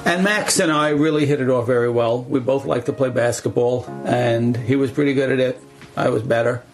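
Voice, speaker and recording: A man, a rabbi, telling a story in an animated way and acting out the dialogue. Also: medium pitch, normal speed, soft background music, rough recording. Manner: animated, acts out the dialogue, uses Yiddish words. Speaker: rabbi at a camp. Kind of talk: storytelling talk.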